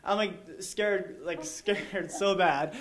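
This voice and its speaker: A man's voice: sits high, steady tone, takes it slowly, crowd noise. Young man telling a rambling story. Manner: rambling, heavy use of "like", chuckles while telling. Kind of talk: live storytelling to an audience.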